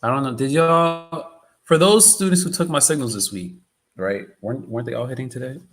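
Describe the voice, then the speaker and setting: A man's voice: mid-range voice, fairly quick, fairly bright tone. A man hosting a live trading stream, chatting loosely and often repeating himself. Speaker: trading livestream host. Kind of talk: casual live-stream chat.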